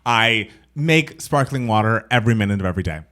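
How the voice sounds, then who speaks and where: Animated young man on a chatty podcast. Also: on the low side, brisk. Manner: animated storyteller, acts out quoted voices. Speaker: podcast co-host. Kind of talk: casual chat.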